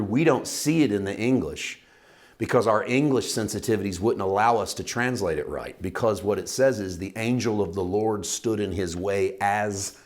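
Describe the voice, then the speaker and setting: A man teaching a Bible study lesson, talking in a conversational, emphatic way and asking his listeners questions. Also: lowish voice.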